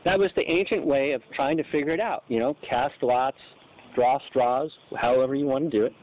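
A man's voice: mid-range voice, moderate pace, a little hiss or hum. A man preaching a sermon, acting out the voices in the scripture he reads. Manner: animated, acts out voices in scripture. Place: church. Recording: dull lo-fi recording.

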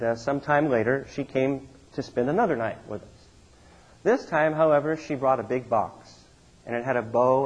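A middle-aged pastor preaches a sermon, telling stories with animated swings in pitch and loudness. His voice has a breathy edge, and the recording's highs are cut off.

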